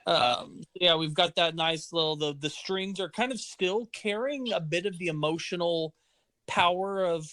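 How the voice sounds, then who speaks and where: A man's voice: sits high, a little slow, sharp tone, no echo. A young man co-hosting a music podcast, talking about songs with enthusiasm and frequent restarts. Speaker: podcast co-host. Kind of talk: casual music discussion.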